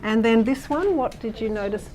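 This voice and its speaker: A woman's voice: fairly high pitch, animated, normal speed, a little mellow, a little hiss or hum. A woman leading a workshop for teachers, explaining and demonstrating a lesson with frequent fillers and restarts while checking in with the room. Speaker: teacher trainer presenting a workshop.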